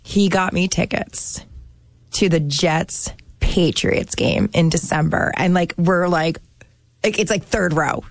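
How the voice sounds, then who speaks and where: Chatty low-pitched woman from New Jersey. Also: slow pace, gravelly, dry recording. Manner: chatty, lots of fillers, animated storytelling. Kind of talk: casual chat.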